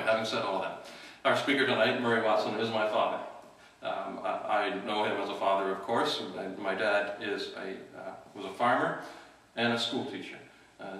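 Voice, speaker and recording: A middle-aged man, the outreach worker of a church, introduces the evening's speaker in a relaxed, halting talk full of fillers and restarts. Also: fairly low pitch. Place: church hall. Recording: distant mic in an echoey hall.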